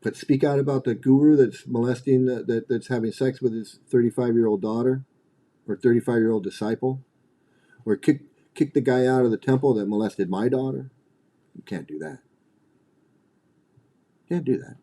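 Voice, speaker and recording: A man's voice: mid-range voice, fairly even intonation, brisk, warm tone. A middle-aged man hosting a livestream, ranting bluntly and profanely, often repeating and restarting his phrases. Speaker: livestream host.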